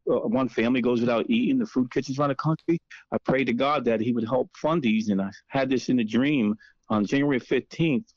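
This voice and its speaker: A man author on a radio interview, rambling with many pauses and a touch of a mobster accent. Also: mid-range voice, dry recording, dull audio. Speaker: author guest.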